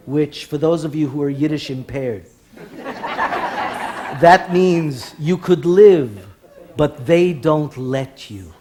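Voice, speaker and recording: On a TV studio stage before a live audience, a Bronx-born comedian tells wry comic stories sprinkled with Yiddish words. His voice is fairly high, mellow and slow, with frequent pauses and a faint hiss or hum on the recording.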